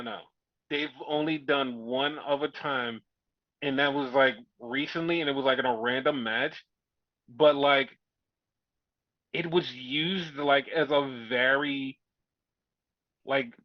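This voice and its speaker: A mid-range male voice, recorded lo-fi and dry without echo, belongs to a podcast co-host casually going over a show. He rambles, curses, and acts out people's lines.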